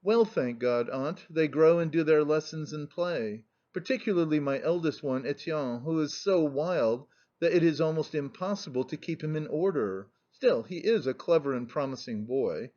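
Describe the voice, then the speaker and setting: A man's voice: fairly high pitch, lively intonation, normal speed, hardly any pauses, darkish tone, natural voice. A male narrator reading the lines of a talkative, vivacious middle-aged princess who argues as if contradicted, on a muffled recording. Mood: insistent. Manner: eloquent, insistent.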